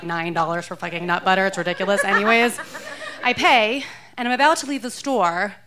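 A woman in her thirties tells a personal story live from a theater stage, speaking into a stage microphone. She is wry and self-mocking and laughs often as she goes. Her voice sits at a middling pitch for a woman. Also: a bit bright, clear, resonant tone.

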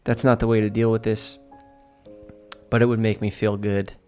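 A man from Staten Island, delivering an animated, profane, mock-outraged monologue as a podcast host, with faint music behind him. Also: lowish voice, normal speed. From Staten Island, New York. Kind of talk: ranting comedic monologue. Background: faint sad music.

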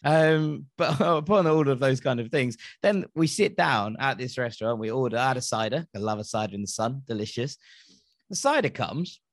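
A man hosting a casual podcast, telling stories in an animated, exasperated way. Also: medium pitch, moderate pace, no room sound, studio quality. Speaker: podcast host. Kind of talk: casual chat.

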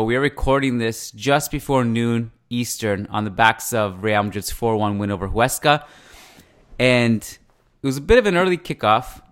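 A man's voice: mid-range voice, fairly bright tone, clean tone. A man hosting a podcast in a chatty, conversational way, with loose asides. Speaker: podcast host. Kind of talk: casual podcast chat.

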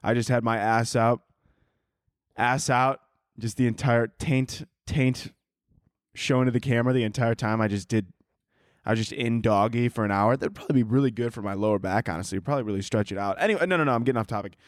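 A man's voice: mid-range voice, fairly quick, no room sound, clean studio sound. A young man hosting a solo comedy podcast, rambling and self-mocking, swearing freely and jumping between tangents while holding his microphone. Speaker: podcast host. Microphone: handheld microphone.

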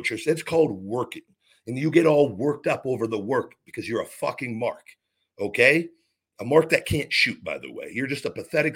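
A man's voice: mid-range voice, a bit bright. A man hosting his own podcast, delivering a heated, profane rant full of repeated restarts. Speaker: podcast host. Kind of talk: podcast monologue.

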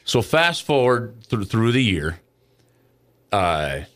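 Animated storytelling broadcaster man. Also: fairly low pitch, takes it slowly. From St. Louis. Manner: animated storyteller acting out quoted voices. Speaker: hockey radio broadcaster, guest. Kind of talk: casual storytelling interview. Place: studio.

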